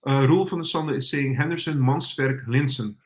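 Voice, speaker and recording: A man hosting a relaxed football podcast in a voice of middle pitch. He reads viewers' comments aloud and questions his panel. He pauses often and fills the gaps with "um" and "uh". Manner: hesitant, with many fillers. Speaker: podcast host. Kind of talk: casual football podcast chat.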